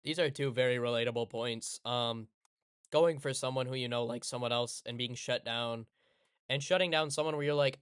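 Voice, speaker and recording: A man talking casually over gameplay, rambling and sarcastic, correcting himself as he goes. His voice sits at an ordinary middle pitch. The sound is dry and close. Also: steady tone, normal speed, smooth, no echo. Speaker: streamer.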